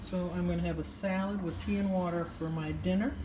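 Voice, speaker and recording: A woman's voice: lowish voice, steady tone, fairly quick, noisy background. Chatty older woman vlogging. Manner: chatty storytelling, laughs often. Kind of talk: casual daily vlog.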